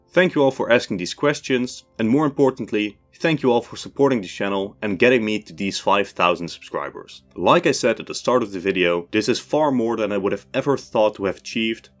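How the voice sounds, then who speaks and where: A man in his twenties with a Dutch accent, hosting a history channel and reading out viewer questions and his answers in a measured, scripted way. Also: lowish voice, animated, faint music behind. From Netherlands. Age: 20s. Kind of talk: scripted Q&A narration.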